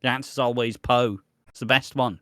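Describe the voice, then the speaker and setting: A podcast co-host rambles through casual chat, restarting a lot and swearing now and then. His voice is medium-pitched and a bit bright, with fairly even intonation and a moderate pace, recorded at studio quality with no room sound.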